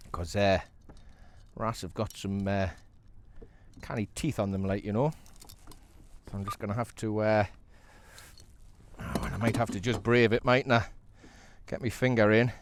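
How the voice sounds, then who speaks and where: A man with a North East English accent talking casually to the camera from a sea kayak while he fishes, chatty and excitable, laughing often and talking to the fish. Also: on the low side. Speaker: kayak angler.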